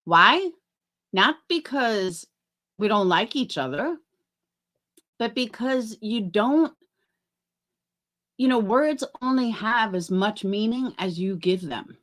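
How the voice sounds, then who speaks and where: A woman's voice: mid-range voice, lively intonation, slow, pauses often, fairly bright tone. A middle-aged woman chatting on a livestream, rambling and swearing as she talks to her chat by name.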